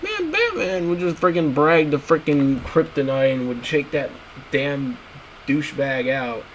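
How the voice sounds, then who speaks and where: A man's voice: fairly high pitch, big pitch swings, a little slow, slight background noise, poor audio. A man streaming, ranting bluntly and crudely in a casual, repetitive way.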